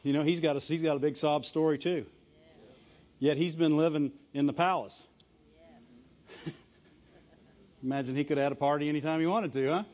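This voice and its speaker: A man preaching a sermon, emphatic and animated, chuckling often between points. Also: on the high side, moderate pace, pauses often. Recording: dull lo-fi recording.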